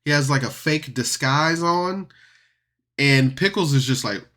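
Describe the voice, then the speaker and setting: Male podcast reviewer, unhurried delivery, bright tense tone, loose chatty rambling. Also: a little high. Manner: rambling, chatty, often laughs. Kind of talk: casual solo review.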